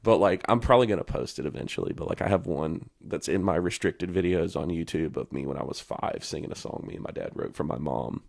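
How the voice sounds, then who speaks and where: A man's voice: low voice, quick pace, vocal fry, few pauses. A young man with a Southern US accent, a guest on a podcast, telling rambling stories and laughing often. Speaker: podcast guest, country singer. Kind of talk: casual podcast chat.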